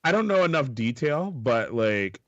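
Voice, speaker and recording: A man's voice: sing-song, moderate pace, a bit bright, dry recording, lo-fi sound. Laughing, swearing podcast guy. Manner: laughs often, swears, acts out quoted people in high voices. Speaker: podcast co-host. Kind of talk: casual chat.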